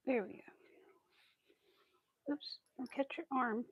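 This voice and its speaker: A woman hosting a casual crochet livestream, chatting to her viewers as she works and cooing at her cat in a high baby voice. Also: slow, long pauses, breathy edge, dry recording, narrow, tinny audio. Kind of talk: casual chat while crocheting.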